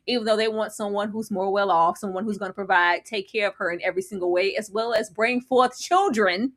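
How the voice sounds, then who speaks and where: A woman co-hosting a reality TV review show in casual chat, animated and full of exaggerated disgust. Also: mid-range voice, a little fast, hardly any pauses.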